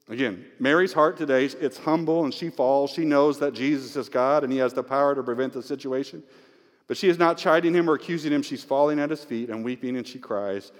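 A male pastor preaching an Easter sermon with scripture reading, emotional and swinging from hushed tones to near-shouting. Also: mid-range voice, fairly quick. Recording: long hall reverb.

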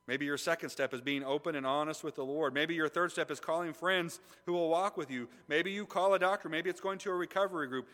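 Male pastor preaching a sermon: bright, forceful and conversational, with a long church reverb. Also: on the high side. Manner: animated and conversational, swinging between loud emphasis and quiet intensity. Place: church sanctuary.

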